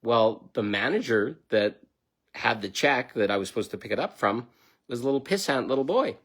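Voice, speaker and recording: A man's voice: medium pitch, expressive, normal speed, a bit bright. A middle-aged man giving a blunt, emphatic self-help talk, swearing freely as he tells a personal story. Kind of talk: motivational self-help monologue.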